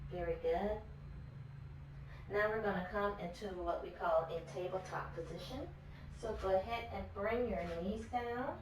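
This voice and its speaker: A woman leading a kids yoga class, guiding poses gently and praising often. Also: medium pitch. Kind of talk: guided yoga class for children. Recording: echoey room from far off with faint noise.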